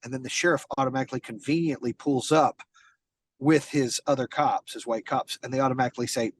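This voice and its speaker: A man's voice: medium pitch, fairly even intonation, fast, slight background noise, poor audio. A man in a casual podcast interview as a guest. He talks bluntly and emphatically, swears, and often restarts his sentences. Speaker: podcast guest, business founder.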